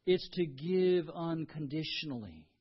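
Earnest male pastor, higher voice, preaching in swells from hushed to emphatic. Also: expressive, measured pace, husky. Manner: earnest, swings between quiet lows and emphatic rises. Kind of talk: sermon. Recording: dull lo-fi sound.

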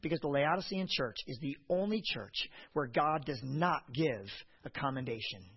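A middle-aged man delivering a sermon in a husky, slightly breathy voice that rises and falls with lively, animated pitch. He weaves personal anecdotes into his preaching and swings from hushed reflection to loud emphasis. The recording is dull and lo-fi. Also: moderate pace. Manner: anecdotal storytelling. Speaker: pastor.

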